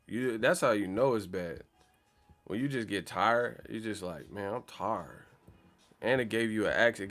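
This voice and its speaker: Profane joking man with low voice. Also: a bit bright. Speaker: boxing channel host. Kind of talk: casual livestream chat. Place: in the Bay Area, California.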